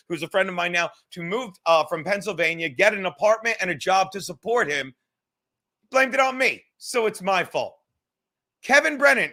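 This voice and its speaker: A man with a high, bright voice rants on his podcast, swearing constantly and talking fast. He sounds heated and keeps jumping from grudge to grudge, laughing between jabs. It plays as a loose, unscripted livestream monologue. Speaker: podcast host.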